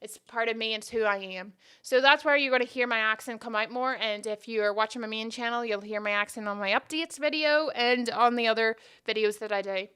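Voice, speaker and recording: A woman's voice: a little high, brisk, few pauses, pushed and bright, smooth. A woman hosting her own podcast, chatting casually and rambling off on tangents in a self-deprecating way. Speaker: podcast host. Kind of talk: casual solo podcast chat.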